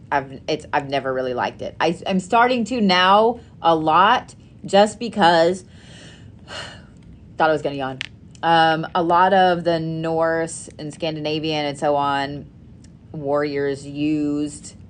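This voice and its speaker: Animated swearing woman chatting live. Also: sits low, a little hiss or hum. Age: adult parent. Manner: animated storytelling, frequent swearing. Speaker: live-stream host making custom bracelets. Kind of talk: casual chat to a live audience.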